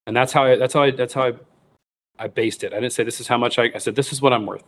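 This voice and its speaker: Man acting out quoted voices in an animated story. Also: mid-range voice, quick pace, a little hiss or hum. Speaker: guest, wild game cook and recipe writer. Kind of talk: casual storytelling interview.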